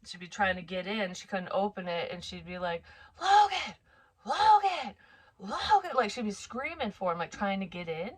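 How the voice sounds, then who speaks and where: A woman's voice: fairly low pitch, fairly quick, few pauses, fairly bright tone. A woman in her forties, a psychic medium, casually telling a personal story in a frank, profane, rambling way. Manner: chatty, rambling with asides.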